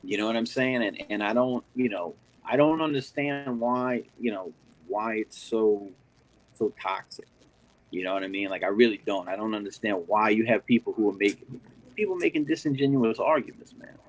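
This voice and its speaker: A man's voice: lowish voice, normal speed, poor audio. A man in casual chat, telling a story animatedly with lots of fillers and swearing.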